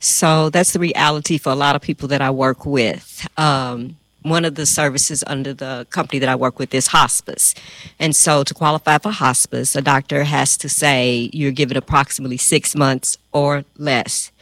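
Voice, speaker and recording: Woman, hospice care worker; calm, measured explainer; dry sound. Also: very deep voice, no room sound. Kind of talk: panel discussion answer.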